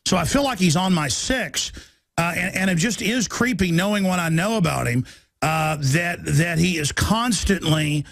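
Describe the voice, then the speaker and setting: A male talk-radio host who talks in quick bursts, then stretches his words out slowly and stumbles over restarts. His voice sits a little high for a man. The sound is dry and close-miked. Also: expressive, fairly bright tone, no room sound. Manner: rapid bursts that slow into drawn-out phrases, halting restarts. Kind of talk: radio talk show discussion.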